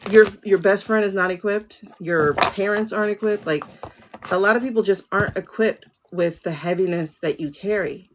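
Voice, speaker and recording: A woman's voice: lowish voice, fairly bright tone, highs cut off, a little hiss or hum. A woman hosting a spiritual livestream, chatting casually and talking straight to her viewers. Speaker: livestream host, tarot reader.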